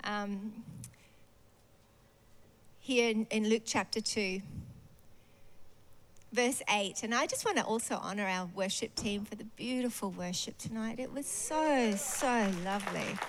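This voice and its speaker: A woman's voice: medium pitch, a little slow, long pauses, a little hiss or hum. A woman preacher giving a sermon in a church service. She talks expressively and animatedly and often laughs.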